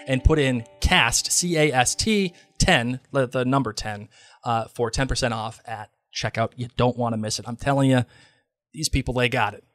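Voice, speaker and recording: A man co-hosting a casual podcast recap, excitable and slangy, often trailing off mid-sentence. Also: mid-range voice, normal speed, no echo. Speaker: podcast co-host.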